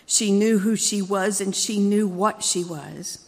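A woman reading a dramatic story aloud at a church service, measured and expressive. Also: mid-range voice, in a large hall.

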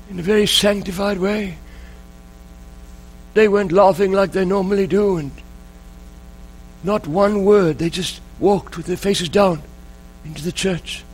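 A man preaching a sermon, telling a story in an earnest, emotional way with dramatic pauses. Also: high-pitched, poor audio.

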